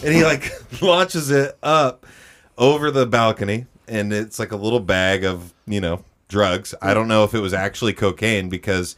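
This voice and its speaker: A young man hosting a podcast, telling a story in a casual, animated way, swearing and jumping into high voices for quotes. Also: moderate pace. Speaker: podcast host.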